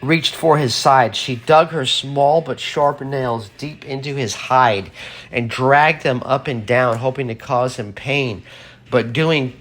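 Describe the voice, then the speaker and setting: A man's voice: medium pitch, slow pace, fairly bright tone. A man reading a horror story aloud in a plain voice, with casual asides and fillers. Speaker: reader.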